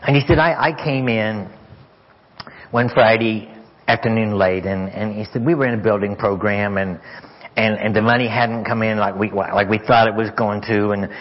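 A deep-voiced male guest preacher with a husky, breathy tone tells a story in a church, stammering through repeated words. He often lowers to a near whisper for tender moments. The recording sounds dull and lo-fi. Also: normal speed. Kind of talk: sermon storytelling. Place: church sanctuary.

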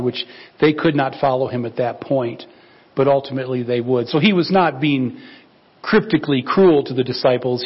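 A male pastor preaching a conversational sermon, lively and acting out dialogue from scripture. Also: mid-range voice, muffled recording. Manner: animated, acts out biblical dialogue in quoted voices.

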